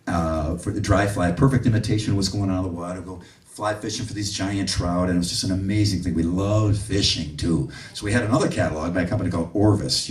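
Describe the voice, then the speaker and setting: A low-voiced man speaks to a live clinic audience, telling stories with lively acted-out quotes. The sound is roomy and picked up from a distant mic. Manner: animated storyteller, acts out quotes. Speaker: bass clinician. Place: room with an audience.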